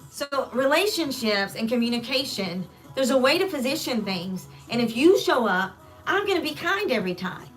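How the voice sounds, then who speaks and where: A woman's voice: on the high side, animated, normal speed, faint music behind. A woman speaking as a spiritual life coach in an earnest live talk, acting out everyday exchanges between partners as examples. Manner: earnest, acts out everyday dialogue.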